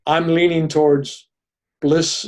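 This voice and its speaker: An older man, a podcast guest, telling a personal story in an animated way and often checking in with "right?". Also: fairly high pitch, slow.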